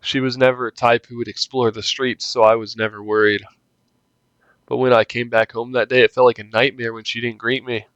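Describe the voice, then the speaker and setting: A man's voice: mid-range voice, level tone, moderate pace, pauses often, a bit bright, no room sound, muffled recording. A young man reading a story game aloud and reacting casually, joking and swearing between lines. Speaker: gaming youtuber.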